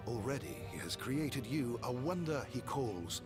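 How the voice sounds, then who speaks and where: A solemn royal advisor, speaks in a formal, measured way. His voice sits low in the mix, as if from further off. Music plays behind him. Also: sing-song. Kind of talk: video game voice acting. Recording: quiet game audio with music behind.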